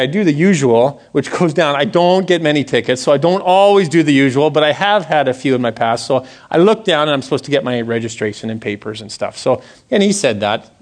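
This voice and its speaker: Animated pastor telling a story. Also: male voice. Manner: animated storytelling, acts out quotes with big pitch jumps; conversational, asks the audience questions. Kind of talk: sermon with personal story.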